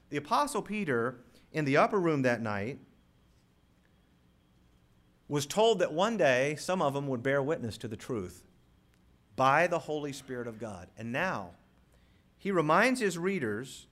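A man pastor preaching a sermon, reading scripture slowly and swelling loudly on key words as he teaches his congregation. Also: medium pitch. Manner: emphatic preacher, rising loud on key words, slows to read scripture. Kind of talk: sermon with live props.

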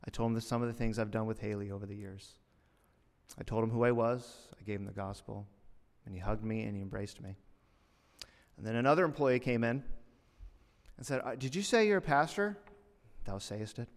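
A man preaching a sermon, telling a story in an animated way and rising loud and high at the punchlines. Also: fairly quick, vocal fry. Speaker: pastor. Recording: long reverb of a hall.

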